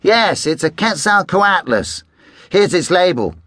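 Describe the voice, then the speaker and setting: A man's voice: high-pitched, sing-song, measured pace, fairly bright tone, no room sound, clean studio sound, voice pushed up, exaggerated voice. A man voicing a friendly, enthusiastic father who runs a dinosaur museum. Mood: jolly.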